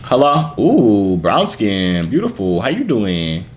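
A man's voice: fairly low pitch, huge pitch swings, slow pace. A man hosting random video chats, teasing and joking with the strangers he meets. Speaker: video chat host. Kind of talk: casual video chat banter. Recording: noisy video chat audio.

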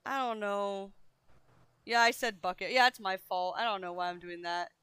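A woman's voice: mid-range voice, steady tone, moderate pace, a bit bright, clean tone, no echo. A young woman streaming, talking casually to her chat, flustered and self-deprecating, swearing often as she vents. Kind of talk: casual livestream talk to chat.

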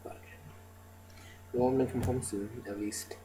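A man's voice: mid-range voice, fairly even intonation, measured pace, noisy background. A man telling stories in a casual video diary, rambling with lots of "like" and "um". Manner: rambling, filler-heavy storytelling with many "like" and "um". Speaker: video diarist.

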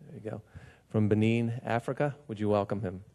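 A man's voice: on the low side, fairly even intonation, a little fast, gravelly, heavy background noise. A man hosting a church service, casually welcoming visitors and introducing the next speaker, with fillers and restarts.

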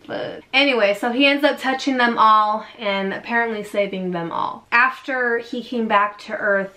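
A woman's voice: a little high, bright, forceful tone. A woman vlogger casually retelling a strange story, sassy and slangy, acting out the quotes.

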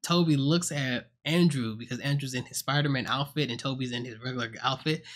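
A man's voice: medium pitch, brisk, fairly bright tone. A man giving a casual spoken movie review at home on a close mic, retelling scenes with jokes, swearing and acted-out quotes. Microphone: own desk mic, close.

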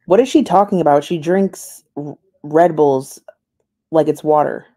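A woman's voice: sits low, measured pace, mellow. A woman reacting to a live stream, making dry, wry remarks about what she sees. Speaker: stream commentator. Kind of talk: reaction commentary.

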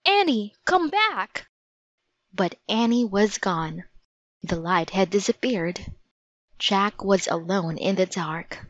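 A woman reading a children's storybook aloud in a gentle, measured way. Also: fairly low pitch, steady tone, no room sound. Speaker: narrator. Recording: dry, slightly dull audiobook recording.

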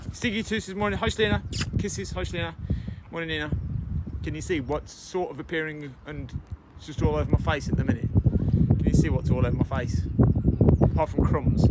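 A man's voice: high voice, noisy background. A man hosting a casual livestream outdoors, chatting and greeting viewers by name. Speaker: livestream host. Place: outdoors in sunshine.

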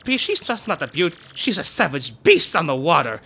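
A man's voice: fairly high pitch, sing-song, normal speed, gravelly, sharp tone, slightly rough, full character voice. A man voicing a pompous, boastful rich male sailor-merchant in a video game, grandiose and theatrical. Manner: grandiose, theatrical, self-admiring. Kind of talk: reading game dialogue aloud.

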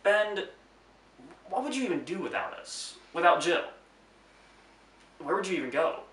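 A man's voice: high-pitched, sing-song, moderate pace, fairly bright tone. An actor playing a male caretaker who coaxes and taunts a patient. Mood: coaxing. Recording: echoey and distant, faint music.

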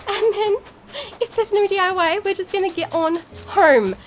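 A woman giving casual gameplay commentary as a YouTuber, gushing, giggly and excitable, with mild swearing. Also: very high voice, normal speed. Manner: bubbly, giggly. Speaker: gaming YouTuber.

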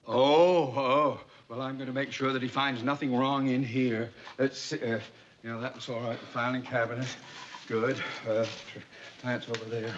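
A man's voice: medium pitch, steady tone, moderate pace, natural voice. An actor playing a pompous male bank manager in a 1960s sitcom who stammers and blusters when flustered. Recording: muffled old TV soundtrack with faint hiss.

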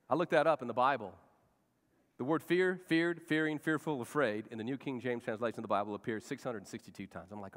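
A male pastor preaching a sermon, swinging from loud rallying shouts to hushed, soft pleading. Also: mid-range voice, very animated, a little fast, pauses often, big-room sound. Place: church sanctuary.

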